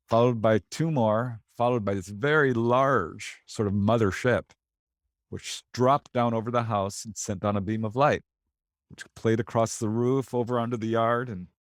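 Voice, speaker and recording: A man, a paranormal investigator, telling anecdotes in a casual interview in an animated way. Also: medium pitch, measured pace, no room sound, clean studio sound. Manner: animated, anecdotal, laughs between lines.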